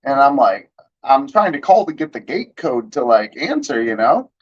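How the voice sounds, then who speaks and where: A man's voice: medium pitch, big pitch swings, moderate pace. A man in his thirties casually telling a long story, rambling and slangy with lots of fillers. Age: 30s. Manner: rambling, laid-back, slangy, lots of "like" and "you know". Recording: slightly dull lo-fi audio.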